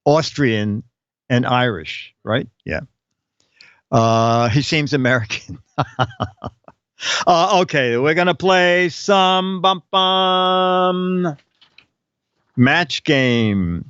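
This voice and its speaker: A man's voice: fairly high pitch, expressive, drawn-out words, long pauses, a bit bright, clean tone, no room sound. A man hosting a live-streamed show, chatting casually and rambling, with frequent laughs. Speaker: show host. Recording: dull lo-fi stream audio with faint music.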